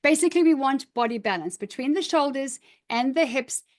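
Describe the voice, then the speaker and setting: Middle-aged woman coach, slightly high voice, upbeat and emphatic, encouraging workshop style. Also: lively intonation, a little fast. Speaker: image coach. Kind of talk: live online workshop, reading out participants' comments.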